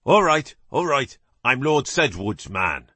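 A man voicing a defiant, bearded working man from with a rough, blustering manner. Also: medium pitch, sing-song, measured pace, pushed and bright, dry recording, pitched above the performer's own voice, full character voice. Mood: defiant, pleading.

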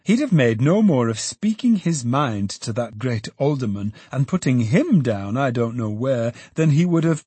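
A man reading an audiobook, voicing a gentle young woman who is soon to be married, speaking softly and tenderly to her father. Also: medium pitch, sing-song, normal speed, hardly any pauses, husky, no room sound. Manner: soft, tender and teasing. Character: young woman, gentle bride-to-be, affectionate daughter.

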